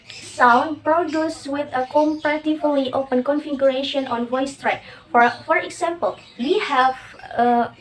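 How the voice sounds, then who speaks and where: A young woman student reading a class presentation carefully, with some halting and fillers. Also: high-pitched, poor audio.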